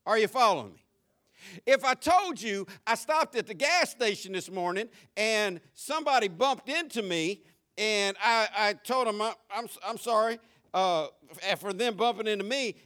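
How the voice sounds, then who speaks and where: A middle-aged male pastor preaching a sermon, calling out to his congregation and telling stories, rising to animated shouts. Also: very high voice. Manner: preaching with audience call-outs and storytelling.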